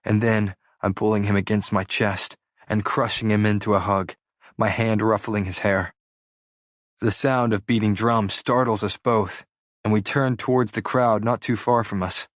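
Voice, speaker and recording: A man with a fairly low voice narrates an audiobook in the first person. His reading is dramatic and urgent, and he voices the dialogue with feeling. The sound is dry and close. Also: little pitch movement, normal speed, no echo.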